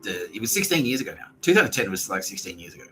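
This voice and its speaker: A man's voice: on the low side, very animated, racing, pushed and bright, slight background noise, low-quality recording. An Australian man in a profane, rambling podcast monologue, acting out what other people said. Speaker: podcast host.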